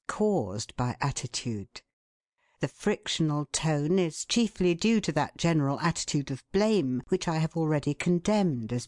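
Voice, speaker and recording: A woman with a low voice reads a book excerpt as scripted narration, expressive and measured, her pitch swinging widely as she lingers over each phrase. The recording is dry and close.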